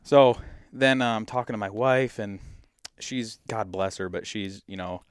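A man from Michigan telling a hunting story in a casual, animated way, acting out what people said. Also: fairly low pitch, measured pace, clean tone, dry recording, studio quality. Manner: animated, acts out quotes in his story. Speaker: podcast guest, hunter.

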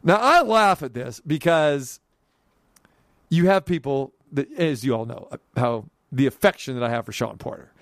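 A man hosting a sports talk radio show, telling a story in an animated monologue, his voice climbing sharply when he gets riled up. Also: medium pitch, moderate pace, no room sound, clean studio sound.

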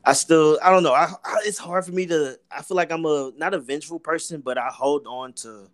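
A man's voice: a little high, brisk, no echo. Young man rambling profanely. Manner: rambling, profane storytelling with many fillers. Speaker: podcast co-host. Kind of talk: casual chat.

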